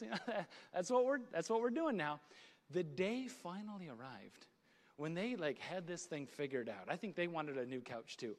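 A man with a high voice preaches a sermon. He tells stories about home life and laughs at himself along the way. His voice rings out with the long echo of a large hall. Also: expressive, moderate pace, fairly bright tone. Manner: storytelling with laughs and self-deprecating asides. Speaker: pastor.

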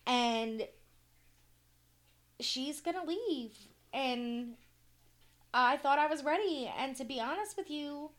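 A woman's voice: high-pitched, expressive, takes it slowly, long pauses, fairly bright tone. A woman, chatting candidly and emotionally as a podcast co-host, swearing freely and tearful. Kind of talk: casual chat.

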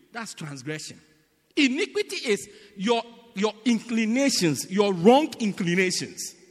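A long church-hall echo follows every line from this preacher, whose very high, bright and sharp voice jumps animatedly in pitch. He explains his teaching sermon while repeatedly checking "do you get it?" and alternates loud outbursts with soft asides.

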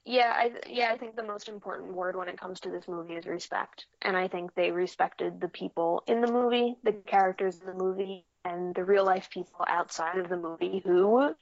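A woman's voice: lowish voice, fairly even intonation, normal speed, hardly any pauses, no room sound. A woman co-hosting a film podcast, speaking thoughtfully and earnestly. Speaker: podcast co-host. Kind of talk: casual film podcast chat. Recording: dry, muffled lo-fi audio.

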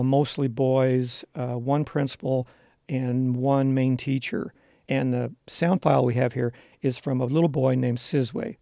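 An elementary school teacher appears as an interview guest, earnestly describing his classroom work and pausing on "uh" fillers. His voice is gravelly, dark, and mid-range, recorded close and dry with no echo.

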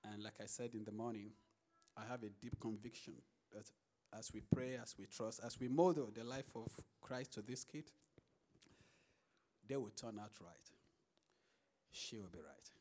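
A man's voice: steady tone, moderate pace. A young man, a father of three, sharing a personal testimony in church in an earnest storytelling way. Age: young adult. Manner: earnest storytelling that bursts into high, loud acted quotes.

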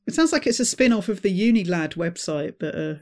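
Podcast co-host, casual film chat, wry dry humour, mid pitch. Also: sing-song, a little fast.

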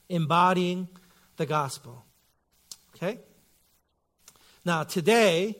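A pastor in his thirties delivers a sermon in a church sanctuary, telling stories in a relaxed, conversational way full of fillers. His pitch is fairly high.

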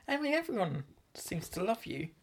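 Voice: mid-range voice, big pitch swings, unhurried, breathy edge. A podcast co-host in casual comedic chat, bantering playfully and laughing along.

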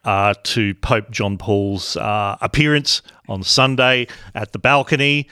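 A man's voice: fairly low pitch, steady tone, slow, pushed and bright, clear, resonant tone. A male podcast host in casual conversation, wry and playful, reading out posts aloud.

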